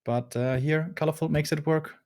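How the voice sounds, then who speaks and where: A man's voice: on the high side, fairly even intonation, normal speed, a little mellow. A man casting a strategy game match, chatty and laughing easily with his co-caster. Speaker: esports caster. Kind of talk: casual game commentary.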